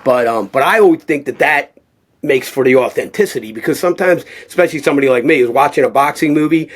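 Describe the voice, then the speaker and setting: A middle-aged man spins animated, rambling stories. His voice is husky, with a husky edge. He sits at an ordinary mid pitch. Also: fast. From Philadelphia. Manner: animated, rambling, acts out quotes. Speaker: guest, boxing cutman. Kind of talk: casual storytelling interview.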